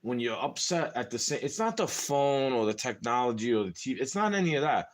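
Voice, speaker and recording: A man's voice: mid-range voice, very animated, fairly quick. A young man venting in a rambling, casual monologue to camera, frustrated and full of slang. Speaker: vlogger.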